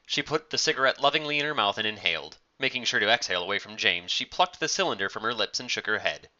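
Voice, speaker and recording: A male narrator reading a story with a lively, rising-and-falling delivery. His low-ish voice has a sharp, bright edge, heard through a muffled lo-fi recording. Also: fast talker. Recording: dull lo-fi recording.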